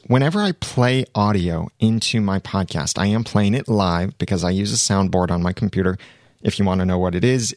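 A man with a fairly low voice walks through podcast production advice point by point, clear and practical. He sounds like he's in his own studio, and the recording is dry and close. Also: darkish tone, no echo. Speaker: podcast host giving production tips. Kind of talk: instructional talk to camera.

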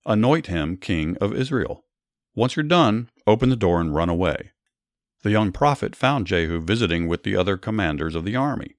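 A man narrating Bible stories and adding commentary, reading in a measured, earnest way with small restarts when he explains. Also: on the low side, animated, no echo, studio quality. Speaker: storyteller and Bible teacher.

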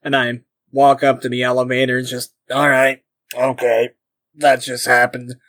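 A man at a tabletop game speaks in character with brash, profane bravado. His voice sits at an ordinary pitch for a man, casual and punchy. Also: completely flat delivery, a little slow, fairly bright tone, low-quality recording. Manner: brash and profane, playing a threatening brawler. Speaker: tabletop player.

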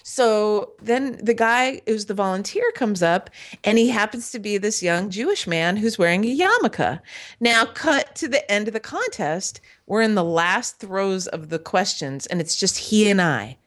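A woman's voice: mid-range voice, lively intonation, unhurried. A woman casually telling a crude comic story, laughing often and acting out the people she quotes.

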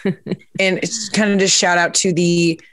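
A woman's voice: fairly low pitch, level tone, measured pace, fairly bright tone, no room sound. A woman hosting a podcast in a casual, chatty way, with lots of fillers and giggles as she reads captions aloud. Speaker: podcast host. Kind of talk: casual interview chat, reading captions aloud.

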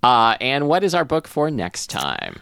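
A man co-hosting a book club podcast in casual chat, halting with fillers and dropping deadpan jokes. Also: mid-range voice, gravelly, clear, resonant tone, no echo, studio quality.

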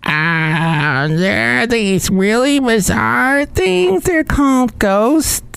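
A man voicing a young female pagan podcaster who gushes in a vocal fry. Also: very high-pitched, animated, extremely slow, a bit bright, dry recording, voice pushed up, full character voice. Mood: gushing. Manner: breathless gushing, dragged-out words.

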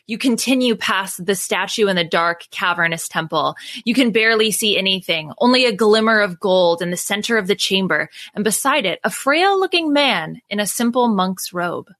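A woman host reading an adventure gamebook aloud to her friends in steady narration. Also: mid-range voice, no echo.

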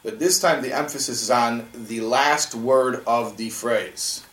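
A man's voice: medium pitch, unhurried, hardly any pauses, a bit bright, echoey room, far from the mic, low-quality recording. A man teaching a classroom lesson on a religious text, talking conversationally and asking his students rhetorical questions.

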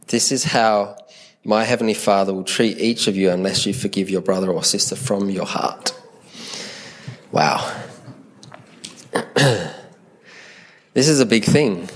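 A man's voice: on the low side, unhurried, long pauses. A man preaching a sermon in an earnest, conversational way, often repeating words as he thinks aloud.

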